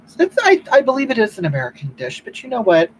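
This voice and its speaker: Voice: huge pitch swings, fast talker, a little hiss or hum, low-quality recording. A performer playing a self-righteous older woman who hosts a livestream, rambling and preaching about love while reading the chat. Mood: gushing. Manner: rambling, keeps repeating "you know what?", swoops up and down in pitch. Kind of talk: comedic improvised livestream monologue.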